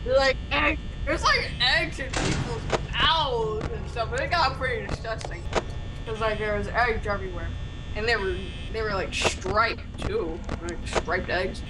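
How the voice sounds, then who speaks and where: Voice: medium pitch, a little slow, heavy background noise. A storyteller rambling through an absurd comedic tale in a strained, put-on silly voice, full of fillers and restarts.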